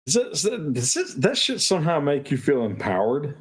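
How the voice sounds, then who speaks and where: A man's voice: on the high side, wildly swooping pitch, fairly quick, slightly rough. A man co-hosting a livestream chat, talking bluntly and teasing the others. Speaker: lawyer and co-host. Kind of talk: casual chat.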